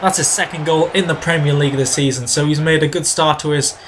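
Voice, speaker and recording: A man hosting a gaming video, giving chatty play-by-play of his own match and breaking into excited shouts when goals go in. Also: a little high, quick pace, noisy background. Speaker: gaming channel host. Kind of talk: video game commentary.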